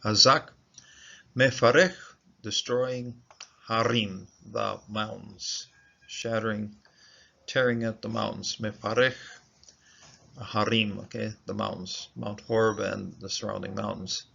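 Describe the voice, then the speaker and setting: A man teaching a Bible passage word by word in a halting, informal way, sounding out Hebrew words and checking in with "okay?" after each point. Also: lowish voice, level tone, gravelly, bright, forceful tone. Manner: halting, many fillers and repeated "okay?" checks. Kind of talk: informal verse-by-verse lesson. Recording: dull, lo-fi recording with faint noise.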